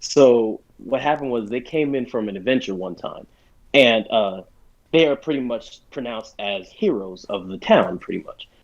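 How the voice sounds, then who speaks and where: Excitable rambling podcast guy. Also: medium pitch, moderate pace, creaky. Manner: excitable, rambling storyteller with many fillers. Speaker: podcast co-host and game master. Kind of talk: casual podcast chat. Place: bedroom or basement at home. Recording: lo-fi home recording.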